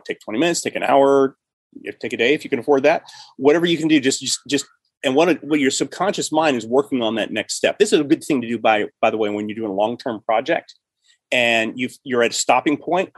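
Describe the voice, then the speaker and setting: A middle-aged male podcast host and writer in casual chat, animated and often restarting and repeating himself. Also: mid-range voice, breathy edge, no room sound.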